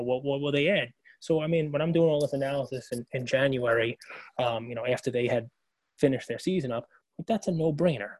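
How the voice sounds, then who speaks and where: A man's voice: medium pitch, darkish tone, no room sound. Man, podcast co-host, casual rambling chat, filler-heavy, dry close mic.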